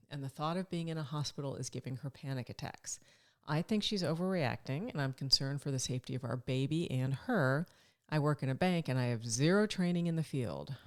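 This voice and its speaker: A podcast co-host from upstate New York in casual chat, talkative and hesitant, with many fillers. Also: mid-range voice.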